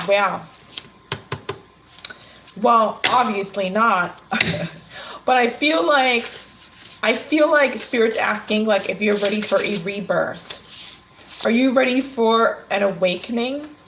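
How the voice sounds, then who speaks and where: A woman's voice: fairly high pitch, slow, pauses often, background noise. Chatty woman reading tarot live. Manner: chatty, laughs often, animated storytelling. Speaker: tarot reader. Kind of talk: casual livestream reading.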